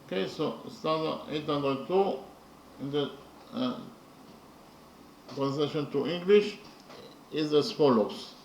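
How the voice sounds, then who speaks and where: Slow gravelly man lecturing from afar. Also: a little high, darkish tone. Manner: deliberate, repetitive, with hesitant fillers. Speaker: literature lecturer. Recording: roomy, from a distance, faint noise.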